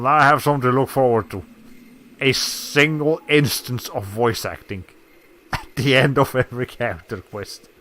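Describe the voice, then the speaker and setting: A man at a medium pitch, bright and forceful, narrates his gameplay as a streamer in a relaxed let's play. The commentary rambles, and he catches and corrects himself, chuckling now and then.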